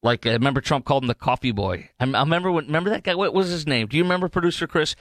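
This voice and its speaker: A man's voice: on the high side, expressive, very fast, fairly bright tone, dry recording. A man hosting a political talk show, delivering a heated, rambling monologue full of restarts and fillers. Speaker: talk radio host.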